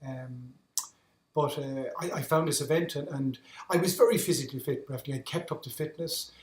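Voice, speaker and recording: A man's voice: mid-range voice, moderate pace, slight background noise. An Irish man telling his story as a podcast guest, earnest, often repeating words as he restarts his sentences. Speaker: guest, endurance athlete. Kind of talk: reflective storytelling in conversation. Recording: roomy echo.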